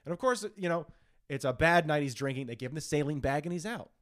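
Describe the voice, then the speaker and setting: A man's voice: a little high, quick pace. A young man hosting a podcast, telling a story in casual chat and acting out quotes. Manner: animated, acts out quotes in changing voices. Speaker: podcast host.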